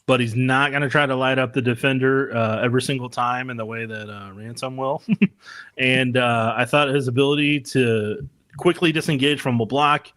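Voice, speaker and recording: A man's voice: medium pitch, fairly even intonation, normal speed, fairly bright tone, no echo. A man co-hosting a casual sports podcast, talking loosely and laughing often between points. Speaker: podcast co-host.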